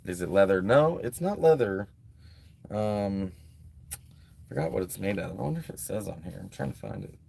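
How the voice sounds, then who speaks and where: A lowish male voice with lively intonation and a moderate pace, creaky and warm, with long pauses and a faint hiss or hum. He's a vlogger livestreaming from a beach, reading out donations in a rambling, laid-back chat full of "like" and "um."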